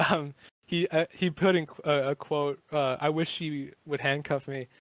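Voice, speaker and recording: This man in his twenties, a guest on a podcast, has a slightly high voice with a steady tone and an unhurried delivery, recorded with no room sound. He chats casually, rambling and cursing, full of fillers.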